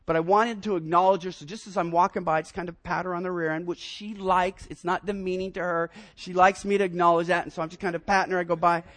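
High-voiced pastor man preaching. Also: fast talker, few pauses. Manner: animated storyteller, repeats words when starting sentences. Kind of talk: sermon with personal anecdotes.

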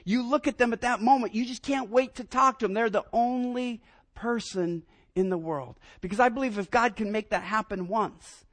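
A man in his fifties, a pastor preaching a sermon, telling personal stories in an animated way and often repeating his first words. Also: very high voice, normal speed. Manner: animated storyteller, repeats words when starting sentences.

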